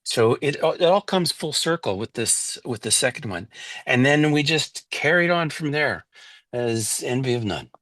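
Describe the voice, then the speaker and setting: A man's voice: mid-range voice, no room sound. Older man telling a story in a dry room. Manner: relaxed, measured storytelling with small restarts. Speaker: guest musician. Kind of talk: casual interview storytelling.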